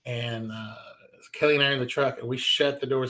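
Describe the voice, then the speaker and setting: A male comedian in his forties, from the American South, spins lively anecdotes in an interview. He slips in and out of the voices of the people in his stories, and his voice sits at an ordinary middle pitch. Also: a little fast. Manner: animated storyteller, acts out quoted voices. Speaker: stand-up comedian guest. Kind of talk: storytelling interview.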